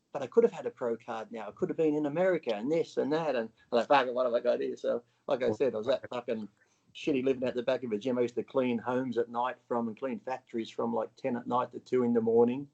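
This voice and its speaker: As a guest being interviewed, a gravel-voiced Australian man speaks bluntly and swears freely, voicing characters from his tale and reenacting what he once said. His voice is mid-range and a little mellow, heard through muffled, lo-fi audio.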